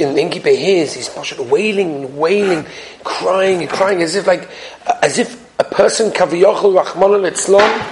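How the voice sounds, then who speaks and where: High-voiced, emotive male storyteller. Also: slight background noise. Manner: emotive, repeats phrases for emphasis. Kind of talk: animated storytelling.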